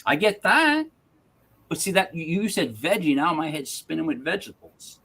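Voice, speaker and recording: A man with a slightly high, very lively voice co-hosts a live talk show. He rambles through jokey tangents in a loose, casual way. His pitch swings up and down a lot as he goes. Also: moderate pace, breathy edge. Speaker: co-host of a live paranormal news show. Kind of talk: casual chat.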